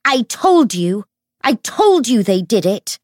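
A woman's voice: low voice, lively intonation, takes it slowly, husky, dry recording, clean studio sound, full character voice. A woman voicing a grieving, hysterical older widow who wails and shrieks accusations. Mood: frantic accusing. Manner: wailing, shrieking, desperate.

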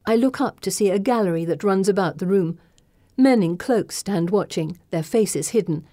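A woman with a mellow voice narrates a novel in scripted first person as an audiobook narrator. Her pitch is medium and her pace moderate, and the recording is dry and of studio quality.

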